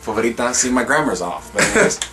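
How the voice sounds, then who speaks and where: A man's voice: mid-range voice, sing-song, over music. A young man from Norway, chatting casually and jokingly while teaching a few words. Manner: laid-back, joking, drawn-out words when teaching. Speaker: language teacher. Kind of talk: casual chat.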